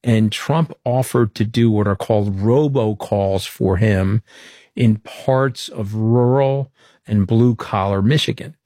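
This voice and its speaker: A man's voice: fairly low pitch, slow pace, no room sound, studio quality. A middle-aged man, telling stories as an interview guest and acting out the quoted dialogue. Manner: animated storyteller, acts out quoted dialogue. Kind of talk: conversational interview storytelling.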